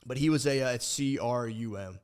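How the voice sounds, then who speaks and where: A man's voice: medium pitch, brisk, clean tone. Rambling, profane young man telling a story. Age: young adult. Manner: rambling, profane, animated, with restarts and mimicked voices. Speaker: podcast co-host. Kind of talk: casual podcast storytelling.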